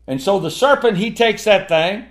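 A man preaching a sermon, slow and emphatic, with dramatic swings between loud and hushed delivery. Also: sits high, animated.

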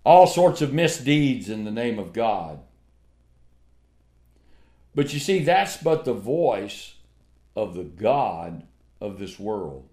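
A man preaching a sermon, slow and emphatic, with dramatic swings between loud and hushed delivery. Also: fairly low pitch, sing-song.

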